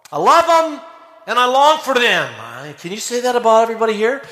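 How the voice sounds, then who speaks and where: A man preaching a lively sermon in a church, energetic and animated, often shouting and acting out quotes. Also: extremely high pitch, moderate pace, roomy sound. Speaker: pastor. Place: church sanctuary.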